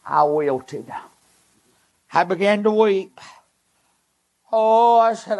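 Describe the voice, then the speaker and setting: A man, preaching a personal testimony in earnest, halting, short emotional phrases. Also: high voice, expressive, a little mellow.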